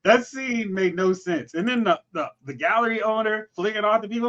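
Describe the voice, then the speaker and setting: A man co-hosting a casual movie review chat, acting out film lines in quick mocking quotes. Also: high voice, lively intonation, lo-fi sound, background noise. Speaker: podcast co-host.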